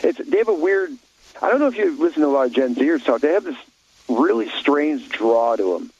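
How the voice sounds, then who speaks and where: A man's voice: medium pitch, big pitch swings, a little fast, a little mellow, slightly rough, muffled recording. A man talking bluntly in an opinionated talk show chat, rambling with many restarts and fillers.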